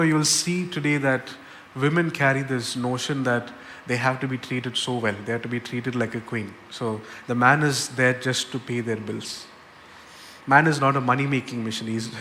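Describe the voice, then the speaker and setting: A man's voice: medium pitch, a bit bright. A middle-aged man from India, a pastor, teaching a church small group in an earnest way and repeating key points for emphasis. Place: church hall. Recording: long reverb, faint background noise.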